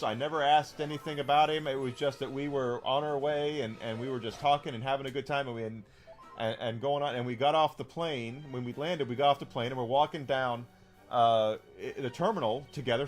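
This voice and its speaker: A man's voice: medium pitch, brisk, faint music behind. A man streaming a game and telling a long story in a rambling, casual way, full of restarts and fillers.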